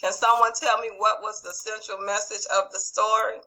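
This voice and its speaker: A woman's voice: mid-range voice, little pitch movement, normal speed, pushed and bright, rough recording. A woman teaching over a video call, reviewing a quiz and calling on students by name in an encouraging way. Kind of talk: online class quiz review.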